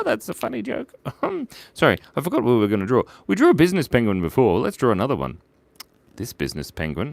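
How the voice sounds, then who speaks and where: A man hosting a live drawing stream, joking playfully and narrating each stroke as he draws viewers' ideas. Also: lowish voice. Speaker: livestream drawing host.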